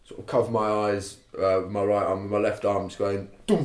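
Young man, low-pitched, casual rambling storyteller, roomy sound. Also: steady tone, normal speed. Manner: rambling, laughing, sweary storytelling. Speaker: podcast guest telling a story. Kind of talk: casual chat. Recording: roomy echo.

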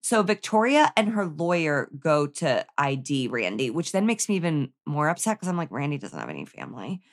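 A woman with a fairly low voice chatting about a TV show, jumping widely in pitch as she quotes her reactions. She throws in dry jokes between plot points. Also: lively intonation, moderate pace. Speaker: podcast co-host. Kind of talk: casual TV recap chat.

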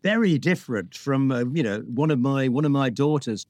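A middle-aged man from northeast England with a light northern English accent, telling stories as an actor guest in a lively, self-deprecating way with many restarts. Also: mid-range voice, normal speed, no echo. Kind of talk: casual anecdotal chat.

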